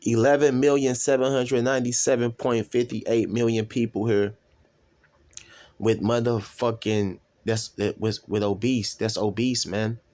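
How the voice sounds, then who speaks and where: A man preaching in a loose, casual way, reading scripture aloud and breaking off into commentary. His talk rambles with long fillers, restarts and frequent swearing, and his pitch sits in an ordinary middle range. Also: flat delivery, darkish tone. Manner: rambling, profane, drawn-out fillers. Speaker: self-styled preacher.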